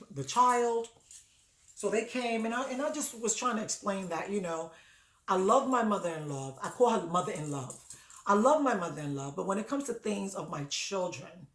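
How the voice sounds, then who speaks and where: Woman, advice show host, personal storytelling, conversational and animated, somewhat low voice, echoey room. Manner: conversational, animated, lifts her voice high when quoting herself.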